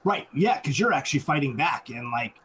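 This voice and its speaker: A man co-hosting a podcast, explaining movie details in halting bursts with many restarts. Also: on the high side, expressive, a crowd in the background, rough recording. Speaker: podcast co-host. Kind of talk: casual movie discussion.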